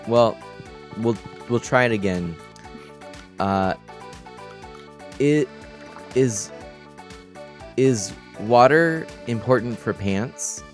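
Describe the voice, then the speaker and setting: A tired man casually chatting on a gaming stream, telling stories in a rambling, animated way and laughing often. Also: mid-range voice, extremely slow, pauses often, faint music behind. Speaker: streamer and game host.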